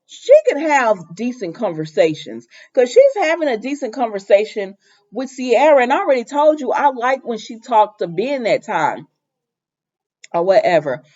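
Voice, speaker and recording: A woman giving a casual, sassy recap of a soap opera episode, chatty and full of lively asides. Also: a little high, normal speed. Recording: slightly muffled lo-fi recording.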